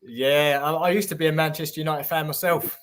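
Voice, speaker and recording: A man's voice: fairly high pitch, steady tone, a little fast. A man from Essex with a London accent, a guest in a casual chat, friendly and easygoing. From Essex, England. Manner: friendly and easygoing, says "mate".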